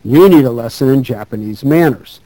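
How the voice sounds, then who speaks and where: A man's voice: medium pitch, lively intonation, brisk, dark tone, no echo, close to an everyday voice, rough recording. A man reading as a big drunk laborer. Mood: rough. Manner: bellowing, rough.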